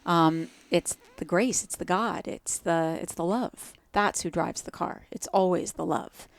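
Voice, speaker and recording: A woman's voice: fairly low pitch, measured pace, creaky. A woman with a New Jersey accent, a yoga teacher in a podcast conversation, speaking earnestly and stacking short repeated phrases.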